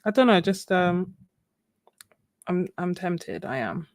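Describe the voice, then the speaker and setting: A woman's voice: on the low side, animated, slow. A young woman chatting casually with viewers while she paints on a live stream, laughing often. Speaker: live-stream art host.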